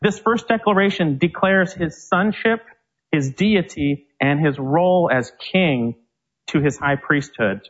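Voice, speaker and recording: A male preacher giving a Bible teaching sermon, reading scripture slowly and with emphasis. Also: on the high side, dull audio. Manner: slow, emphatic verse reading.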